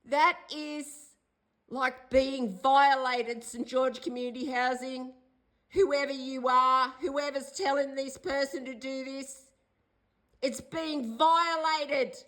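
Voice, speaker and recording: A woman's voice: sits high, steady tone, takes it slowly, bright, forceful tone, poor audio. An older Australian woman in a distressed direct-to-camera video, pleading and accusing in an agitated way and repeating herself. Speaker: vlogger.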